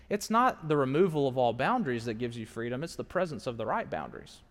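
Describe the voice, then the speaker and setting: A man preaching a sermon to a live audience, animated and engaging, swinging from hushed asides to raised, emphatic lines. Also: on the high side. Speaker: pastor. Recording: long hall reverb.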